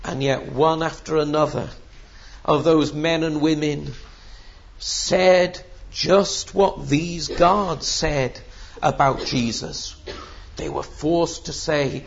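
A man's voice: a little high, slow, vocal fry, a little hiss or hum. A man preaching a sermon in an emphatic, rhetorical way, with the odd filler. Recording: dull lo-fi sermon recording.

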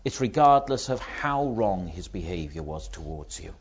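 A man preaches a sermon in a husky voice that swings animatedly up and down. He slips into the voices of the people he quotes. The recording is muffled and lo-fi. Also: sits low, moderate pace. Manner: acts out quoted voices, lively rises and drops.

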